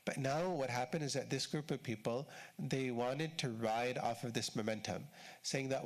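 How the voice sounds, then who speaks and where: A man's voice: medium pitch, moderate pace. A man giving a conversational religious lecture at a mosque, explaining in short repeated phrases with casual fillers. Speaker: shaykh giving a mosque talk.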